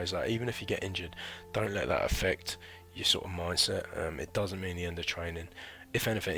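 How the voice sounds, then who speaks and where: A former recruit from the United Kingdom, in his thirties, chats and rambles about military training for a casual vlog, using lots of slang and fillers. His voice is low, creaky, pushed and bright.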